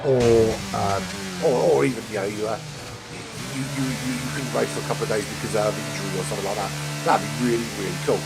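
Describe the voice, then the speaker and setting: A man with a cold and a nasal voice, commentating an online sim racing league, rambling into asides and getting excited during close battles. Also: lowish voice, quick pace, creaky. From not American. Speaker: race commentator. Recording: game music and engine noise behind. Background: racing game audio and music.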